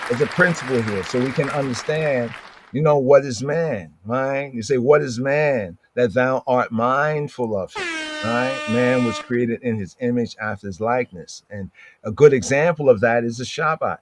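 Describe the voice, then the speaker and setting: A man teaching a scripture study, talking conversationally, reading verses aloud slowly and often checking in with "right?". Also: mid-range voice, crowd noise, background noise. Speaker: Bible teacher.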